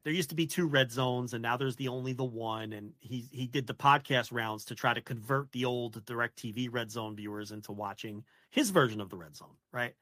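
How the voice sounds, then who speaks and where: Bright, opinionated man ranting. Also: medium pitch, moderate pace, hardly any pauses, dry recording. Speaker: podcast co-host. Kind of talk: casual podcast chat about wrestling.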